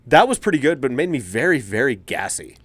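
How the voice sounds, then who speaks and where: A man talks in a lively, up-and-down way, swearing freely and teasing his friends. His voice is recorded close and dry, and he laughs easily. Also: medium pitch, fairly quick, no room sound. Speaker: podcast co-host. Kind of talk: casual chat.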